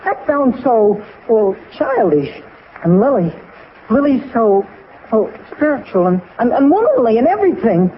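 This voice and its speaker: A man's voice: extremely high pitch, sing-song, measured pace, full character voice. An actor playing an awkward, lovestruck teenage boy who stammers and gushes, in a 1940s radio comedy on a dull old recording. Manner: stammering, gushing. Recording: dull old radio broadcast with faint hiss.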